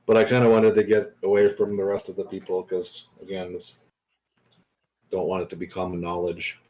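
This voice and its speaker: A man speaking in character as a player in a tabletop game, halting with many fillers. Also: sits low, completely flat delivery, darkish tone. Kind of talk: in-character tabletop role-play.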